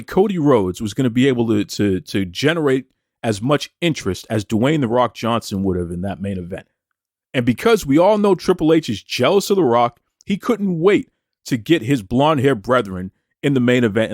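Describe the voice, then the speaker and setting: Animated, combative man ranting. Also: a little high, no echo, studio quality. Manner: taunting, combative, fires rhetorical questions. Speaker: wrestling show host. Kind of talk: opinionated wrestling commentary rant.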